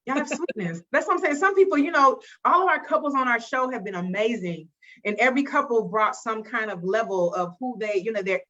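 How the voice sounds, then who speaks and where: A woman co-hosts a casual podcast, playful and expressive, acting out the voices she quotes. Her voice sits a little high. The sound is dull and lo-fi. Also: fairly quick. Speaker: podcast co-host.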